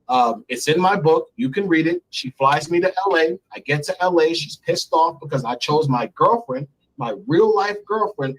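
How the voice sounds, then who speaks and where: A man speaks in a candid, blunt way as a guest on a remote interview. His voice sits a bit high for a man. He drives his points home by repeating words. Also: husky, low-quality recording. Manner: blunt, emphatic, repeats for stress.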